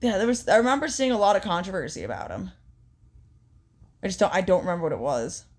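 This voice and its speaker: A woman's voice: mid-range voice, animated, fast talker. A young adult woman co-hosting a podcast in casual chat, blunt and often swearing. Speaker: podcast co-host.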